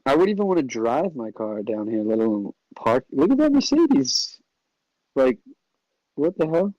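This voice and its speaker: A man's voice: medium pitch, expressive, a little mellow, no room sound, muffled recording. A man as a podcast guest, chatting loosely, laughing often and swearing freely. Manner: loose and laughing, swears a lot, halting restarts. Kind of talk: casual chat.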